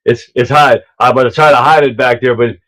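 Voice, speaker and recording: A man hosting a casual livestream, talking loudly and rambling between clips, on an earpiece mic. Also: medium pitch, fairly even intonation, fairly quick, rough recording. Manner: loud, rambling, laughs at his own clips. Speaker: livestream host.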